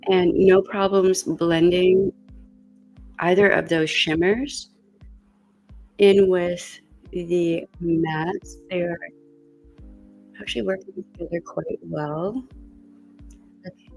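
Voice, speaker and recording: Woman vlogger, slow and low-voiced, getting over a cold and coughing now and then, chatting with faint music underneath. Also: fairly even intonation, gravelly, darkish tone. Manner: chatty, thinking aloud, with fillers. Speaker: beauty vlogger. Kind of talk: casual makeup chat.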